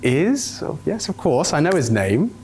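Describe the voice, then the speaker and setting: A man's voice: a little high, big pitch swings, a little slow, darkish tone, a little hiss or hum. A man hosting a comedy sketch in a hesitant, flustered way. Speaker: host.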